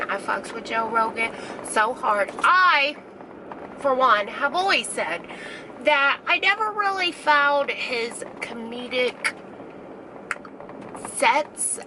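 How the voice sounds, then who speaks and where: A young woman vlogging casually from her car, rambling and swearing freely between topics. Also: sits high. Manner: chatty, profane, rambling. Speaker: beauty vlogger. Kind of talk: casual vlog while driving. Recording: noisy car recording.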